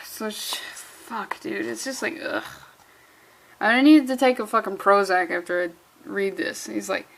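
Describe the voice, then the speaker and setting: A woman's voice: a little high, animated, normal speed, fairly bright tone. A young adult woman reviewing a comic in a sarcastic, profane, exasperated rant. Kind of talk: sarcastic ranting commentary.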